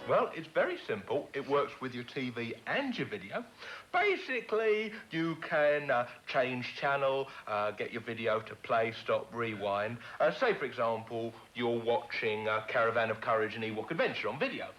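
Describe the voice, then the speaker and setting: Playful British man, lively pitch. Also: moderate pace, muffled recording, faint music behind. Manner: playful, silly presenting. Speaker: comic host. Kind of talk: comedy puppet sitcom.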